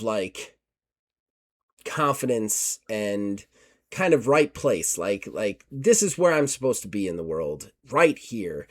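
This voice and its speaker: A man running a tabletop horror game, narrating casually with fillers and quick self-corrections. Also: mid-range voice, darkish tone. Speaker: game master.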